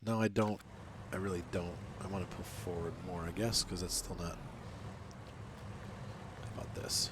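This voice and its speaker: A man's voice: deep voice, fairly even intonation, moderate pace, long pauses, heavy background noise. A man hosting a farming game let's-play, talking casually and rambling as he plays, with some teasing banter. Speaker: gaming channel host.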